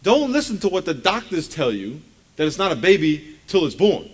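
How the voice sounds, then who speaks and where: A man's voice: high voice, big pitch swings, normal speed. A male pastor preaching a sermon, emphatic and conversational, leading the congregation in call-and-response and dropping folksy asides.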